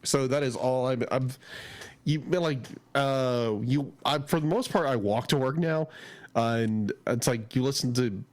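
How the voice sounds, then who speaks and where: A man's voice: mid-range voice, measured pace, no room sound. Enthusiastic, rambling man on a podcast. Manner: enthusiastic, rambling, with frequent restarts. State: has a head cold. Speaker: podcast co-host. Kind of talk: casual chat.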